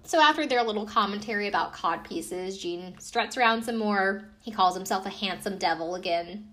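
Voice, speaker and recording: A woman's voice: mid-range voice, moderate pace, fairly bright tone. A woman casually recapping a reality TV episode, chatty and profane, with lots of fillers and asides. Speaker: podcast recapper.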